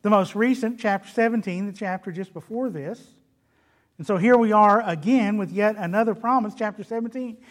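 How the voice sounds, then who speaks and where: A man with a Southern US accent preaching a sermon in church, animated, swinging between loud emphatic lines and quiet ones. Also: sits high, fairly quick. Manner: animated, rises and drops in loudness, quotes scripture in character. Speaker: pastor.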